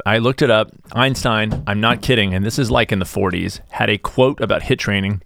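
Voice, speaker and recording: Low-pitched male host, rambling self-deprecating comic monologue, dry close sound. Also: gravelly, a bit bright, dry recording. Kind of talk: casual comedic monologue.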